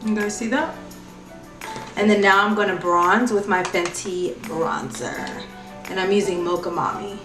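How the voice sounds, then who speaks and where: Here the beauty vlogger speaks at medium pitch and an unhurried pace, chatting through a casual makeup tutorial in a sing-song style. The room echoes, the mic sits far away, and music plays underneath.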